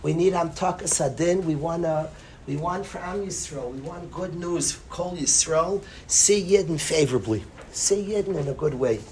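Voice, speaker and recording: A man, a rabbi, giving a passionate sermon-style Torah class, swinging from loud cries to hushed near-whispers and peppering his speech with Hebrew and Yiddish terms. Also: fairly high pitch, normal speed, a little hiss or hum.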